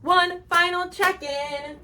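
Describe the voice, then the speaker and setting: A woman's voice: extremely high pitch, fairly even intonation, slow pace, pushed and bright, faint music behind. A woman chatting casually as she breaks down a TV episode, gushing and saying "like" a lot. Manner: gushing, chatty, fills talk with "like". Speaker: show reviewer.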